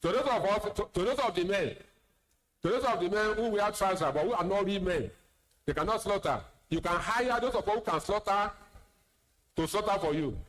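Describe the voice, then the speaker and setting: A Nigerian-accented man preaching as an imam, his voice sitting somewhat high for a man. He talks plainly, repeats words for emphasis and slips in teasing asides to his listeners. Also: normal speed, fairly bright tone, low-quality recording. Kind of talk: sermon lecture.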